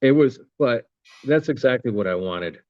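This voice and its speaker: A man's voice: medium pitch, expressive, moderate pace, no echo, dull audio. A man in his fifties, a veteran guest on a podcast, telling his story bluntly and with a lot of swearing and fillers. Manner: blunt, profane, with many fillers. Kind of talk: casual storytelling interview.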